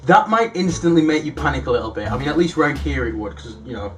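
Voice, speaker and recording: A young man telling self-deprecating stories in a casual vlog, reading out his own old messages with animated, rising delivery. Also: a little high, fast, soft background music. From United Kingdom. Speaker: YouTuber.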